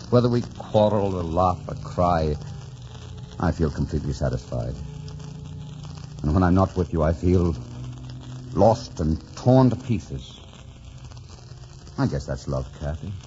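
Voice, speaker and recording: An actor playing Heathcliff, a brooding, passionate young man, in 1940s radio acting with a deep, intense voice. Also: mellow, exaggerated voice. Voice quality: deep and intense, shifting between murmur and outburst. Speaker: lead actor. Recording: dull lo-fi 1940s radio recording.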